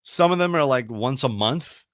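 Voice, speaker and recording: A man's voice: mid-range voice, expressive, moderate pace, a bit bright, no echo, studio quality. A middle-aged man hosting a radio talk show, chatting casually and rambling with enthusiasm, full of fillers and restarts. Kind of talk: casual chat.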